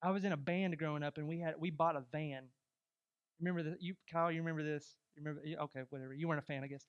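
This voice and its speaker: A young adult man preaching a sermon as pastor, emphatic and rising to loud exhortation. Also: on the high side, steady tone, rapid-fire, clear, resonant tone, lo-fi sound.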